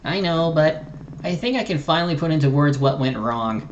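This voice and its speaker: A woman's voice: sits low, expressive, normal speed, muffled recording, slight background noise. A streamer voicing an earnest, remorseful young woman adventurer, reading game dialogue aloud with small slips and restarts. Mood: apologetic.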